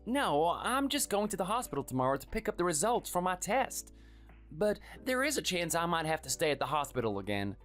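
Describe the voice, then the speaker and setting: Playing a meek, apologetic, sickly husband in his thirties, this man pleads in a raised, fairly bright voice with big pitch swings at a fairly quick pace. The dramatized story dialogue and first-person narration have soft music behind them.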